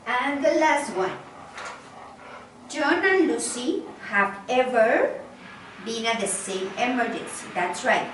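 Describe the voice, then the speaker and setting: In an online English lesson, a woman with a fairly high, expressive, fairly bright voice explains every phrase with patient repetition. She speaks slowly and translates as she goes, and the distant, roomy recording carries slight hiss or hum.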